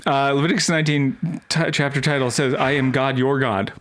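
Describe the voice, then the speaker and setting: A man's voice: mid-range voice, fairly even intonation, brisk, a bit bright. A man co-hosting a podcast, reading scripture aloud in a dry way and adding playful jokes. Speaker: podcast co-host. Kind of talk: casual comedic Bible discussion, reading passages aloud.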